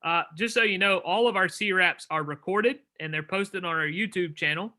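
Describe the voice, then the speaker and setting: Upbeat male meeting host, high and very bright voice, video call. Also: normal speed. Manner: upbeat, with frequent "uh" fillers. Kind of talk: hosting an online meeting.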